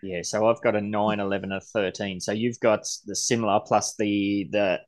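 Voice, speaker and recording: An Australian man in his forties hosting a casual podcast chat, rambling and quick to laugh. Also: on the low side, flat delivery. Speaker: podcast host.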